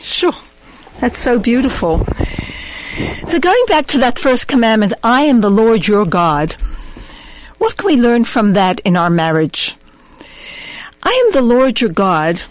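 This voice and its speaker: Woman host, fairly high voice, thoughtful, affirming, dry close sound. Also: very animated, unhurried, pauses often, no echo, low-quality recording. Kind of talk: reflective religious discussion.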